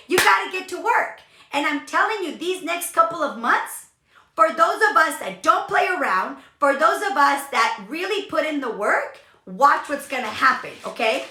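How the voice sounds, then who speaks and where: A young woman gives a motivational talk with lots of emphasis and repetition. Her voice sits high and bright. The room around her is echoey. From California. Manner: emphatic, energetic, repeats for emphasis. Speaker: podcast host, business coach.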